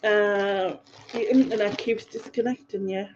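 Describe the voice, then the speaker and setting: A woman's voice: medium pitch, steady tone, unhurried, a little mellow, a little hiss or hum. A woman hosting a livestream, casually rambling through viewer comments with frequent ums and laughs. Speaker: livestream host. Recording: dull lo-fi livestream audio.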